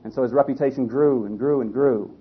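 A man preaching a sermon in a folksy storytelling way, often halting and restarting his sentences. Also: medium pitch, husky. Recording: dull lo-fi recording.

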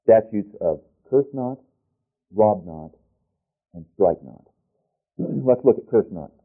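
Deep-voiced male preacher, tinny sound. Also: animated, slightly rough. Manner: deliberate, with restarts and self-corrections. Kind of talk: sermon.

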